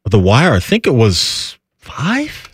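A man co-hosting a casual studio chat, playful and expressive, repeating lines for effect. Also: medium pitch, slow, slightly rough.

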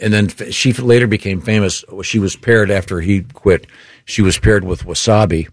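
A man's voice: on the low side, fairly even intonation, normal speed, no echo, studio quality. Older man cracking corny puns. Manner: corny punning jokes, rambling birthday list. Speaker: radio show co-host. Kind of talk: casual banter.

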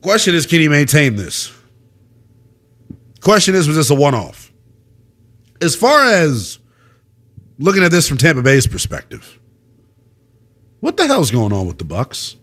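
Brief: young male sports radio host, brash, slangy, pitch climbing and dropping a lot, voice sitting a bit high. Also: fairly bright tone, slightly rough. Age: young adult.

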